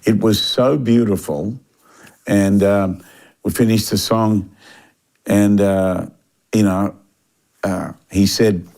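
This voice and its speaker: An older man with a fairly low voice recounts a story in a casual interview. He talks animatedly, stumbling and restarting as he goes, filling the gaps with "uh" and "um". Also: slow, long pauses. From Australia. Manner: animated anecdotal delivery with frequent fillers and restarts. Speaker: interview guest.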